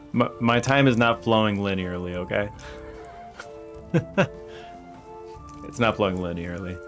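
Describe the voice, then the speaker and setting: A man's voice: lowish voice, slow pace, pauses often, faint music behind. A man streaming a game, joking and laughing often as he talks to chat and scolds his game characters. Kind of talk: casual gameplay commentary.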